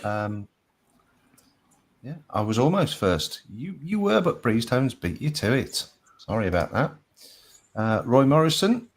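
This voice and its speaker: A man's voice: mid-range voice, very animated, unhurried, pauses often. A man with a Birmingham accent co-hosting a live show, reading out viewers' names with chirpy greetings and jokey asides. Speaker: co-host reading out chat names. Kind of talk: casual live-show banter.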